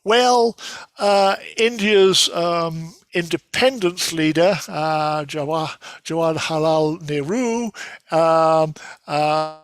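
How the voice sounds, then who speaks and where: An older man gives a relaxed, chatty lecture, pausing often and restarting his sentences. His voice sits a little high for a man. The recording is dry and close, with almost no room sound. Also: dry recording. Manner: conversational, many fillers and restarts. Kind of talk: casual lecture with slides.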